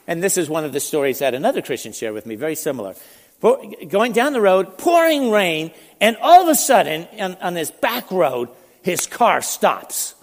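Male pastor, high lively voice, chatty sermon, long church-hall reverb. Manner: animated, conversational, frequent restarts. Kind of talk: sermon storytelling.

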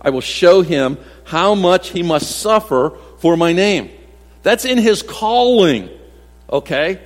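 A man preaches a sermon in a conversational way, breaking into acted-out quotes and self-deprecating asides. His voice sits a bit high for a man. The church sanctuary gives his words a long, lingering reverb. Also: expressive, takes it slowly. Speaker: pastor.

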